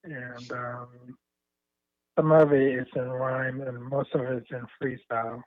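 A man, a spoken word poet, answering interview questions in a slow, earnest, reflective way. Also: medium pitch, flat delivery, no room sound. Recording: tinny phone line.

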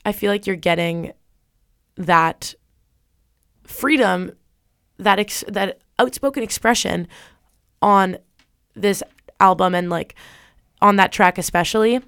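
Smooth-voiced young woman radio host. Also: mid-range voice, slow pace, pauses often, a bit bright, no room sound, clean studio sound. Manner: rambling, many fillers and restarts. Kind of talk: casual music chat.

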